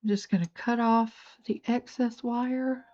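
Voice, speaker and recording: An older Southern woman from North Georgia hosts a beading channel, narrating a crafting tutorial in a folksy, chatty way as she makes jewelry. Her voice sits on the high side, with a steady, unhurried, mellow tone. The sound is lo-fi.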